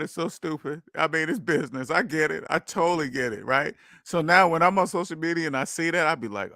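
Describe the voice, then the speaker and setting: Animated man with a dry, close sound. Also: fairly high pitch, a little fast, no echo. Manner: animated, laughing, mock voices and rhetorical questions. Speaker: host. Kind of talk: casual monologue.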